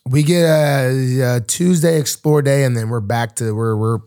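A young man, a pro football player co-hosting a podcast, talking in a relaxed, rambling way with many fillers and restarts. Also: mid-range voice, unhurried. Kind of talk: casual chat.

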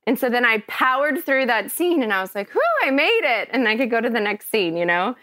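A woman from Kentucky, an actress guest on a podcast, telling a story in an animated, chatty way. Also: a little high, fairly quick, no room sound. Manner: chatty, animated, often laughing.

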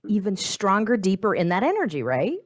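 A woman's voice: medium pitch, huge pitch swings, brisk. A woman hosting a casual conversation, speaking in a reflective and encouraging way.

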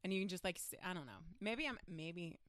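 A young woman co-hosting a casual podcast chat, animated and blunt, swearing freely. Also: brisk, no echo, studio quality. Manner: animated, swearing, laughing, jumps between high and low tones. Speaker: podcast co-host.

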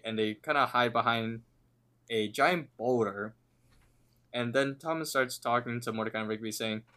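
A man's voice: medium pitch, pushed and bright. A man co-hosting a podcast, casually retelling a cartoon episode scene by scene. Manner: retells scenes at length, reading lines out. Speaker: podcast co-host.

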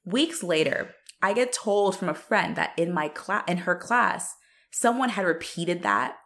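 A woman co-hosting a podcast, telling stories in a laughing, animated way and swearing casually. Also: fairly low pitch, a little slow. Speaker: podcast co-host.

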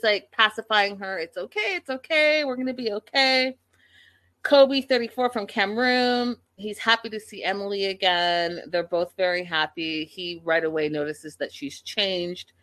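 A woman hosting a casual livestream, recapping a reality show and chatting with her viewers in an opinionated, animated way. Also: medium pitch.

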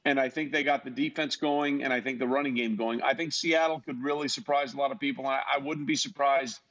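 A man chatting as a podcast guest, relaxed and explaining things as he goes. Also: medium pitch, fast, highs cut off. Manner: relaxed, explains terms, easygoing storyteller. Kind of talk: casual interview chat.

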